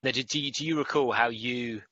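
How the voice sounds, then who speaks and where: Bright-voiced male podcast host joking. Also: medium pitch, no echo, highs cut off. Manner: joking banter, quick asides. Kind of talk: casual interview chat.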